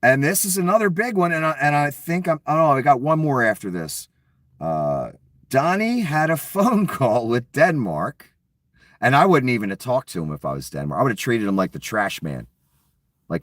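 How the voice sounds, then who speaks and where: A man's voice: medium pitch, big pitch swings, normal speed, no room sound, clean studio sound, distant mic. A man giving a casual, profane political rant, sarcastic and often acting out mocking quotes. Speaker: political commentator. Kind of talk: casual ranting commentary.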